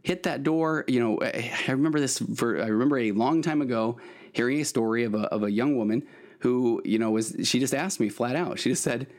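A man's voice: mid-range voice, a little fast, a little mellow. A middle-aged man, a therapist hosting his podcast, giving earnest advice in a rambling way with many restarts. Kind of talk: solo podcast monologue, advice.

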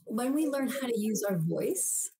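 A woman's voice: on the high side, sing-song, unhurried, warm tone, low-quality recording. A woman guest on a podcast interview, explaining ideas animatedly and acting out everyday voices as she goes.

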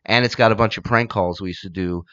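A male stand-up comedian, a podcast guest, telling an animated, profane anecdote. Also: lowish voice, fast talker, muffled recording. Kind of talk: casual storytelling.

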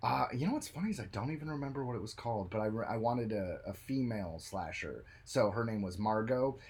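A man co-hosting a podcast in casual chat, animated and jokey, who talks about his own film work. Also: lowish voice, fast, breathy edge. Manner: animated, jokey, bursts into silly voices. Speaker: podcast co-host.

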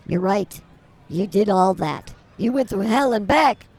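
Someone playing an older woman, husky, gravelly, rambling, theatrical, comedy podcast, faint music behind. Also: medium pitch, expressive, unhurried. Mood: mock-outraged. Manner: rambling, theatrical, swings to shouting.

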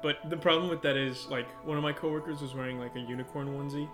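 A young man co-hosts a podcast, chatting casually and laughing along as he tells easygoing stories about his job. His fairly high voice moves fast with fairly even intonation, and guitar music plays in the background.

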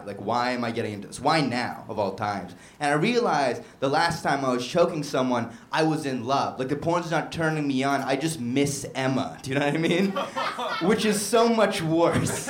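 Young man, stand-up comedian, dark deadpan, lively pitch, echoey bar room. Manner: dark deadpan humor with bursts of loud mock shouting. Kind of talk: stand-up set.

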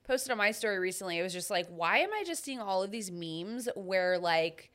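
A woman's voice: medium pitch, animated, normal speed, a bit bright. A woman in casual chat, venting frankly and bluntly about her frustrations.

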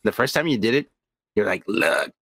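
Lively, teasing podcast co-host man. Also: medium pitch, gravelly, slight background noise. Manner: animated, teasing, quick to mock. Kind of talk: casual drunk chat.

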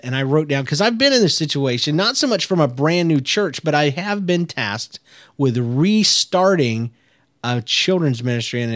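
A man's voice: medium pitch, no room sound, studio quality. A man in his thirties, a children's pastor hosting a podcast, talking in a chatty, upbeat way with lots of fillers and restarts. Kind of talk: casual podcast talk.

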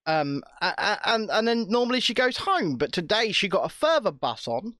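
A British man telling a story in casual, animated chat, swearing often. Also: high voice, moderate pace, no echo, studio quality. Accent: British English.

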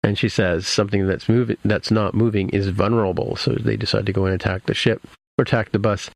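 Low gravelly man recapping an episode. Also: steady tone, fast, dry recording. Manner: rambling, many fillers and restarts. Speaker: podcast host recapping an episode. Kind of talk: casual chat.

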